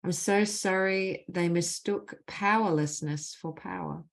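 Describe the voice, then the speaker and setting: Low-voiced woman guiding a healing call. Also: vocal fry. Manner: slow, deliberate reading of repeated phrases. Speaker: spiritual mentor leading a group call. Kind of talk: guided clearing session with spoken healing phrases.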